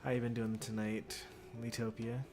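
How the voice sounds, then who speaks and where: A man's voice: mid-range voice, moderate pace, over music. A man in his thirties, tired and yawning, rambling casually to viewers on a game stream. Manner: rambling, relaxed musing aloud. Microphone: desk USB microphone.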